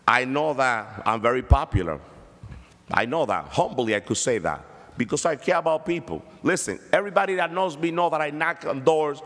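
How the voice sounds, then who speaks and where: A man's voice: on the high side, animated, normal speed, a bit bright, in a large hall. A man speaking as a city councilman at a council meeting, combative and impassioned, repeating his points. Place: council chamber.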